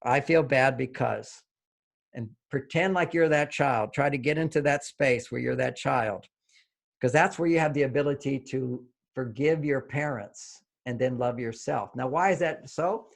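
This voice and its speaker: A man's voice: mid-range voice, normal speed, gravelly. A man who is a relationship author, a guest on an interview podcast, explaining ideas and acting out the inner voices of children and parents.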